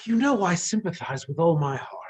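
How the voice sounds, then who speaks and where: A woman's voice: fairly low pitch, big pitch swings, fairly quick, darkish tone, a little hiss or hum. A woman playing a stern, idealistic young male student who lectures bluntly. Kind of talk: stage play acting.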